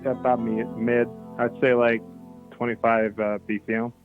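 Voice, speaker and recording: Man, call-in caller, deadpan and unbothered, mid-pitched voice, tinny phone-like sound, faint music. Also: moderate pace.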